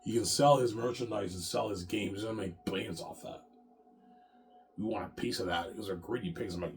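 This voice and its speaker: A man's voice: fairly low pitch, brisk, slight background noise. A man talking straight to his viewers in a rambling, repetitive rant, often swearing and circling back to the same points. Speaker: self-published author and vlogger.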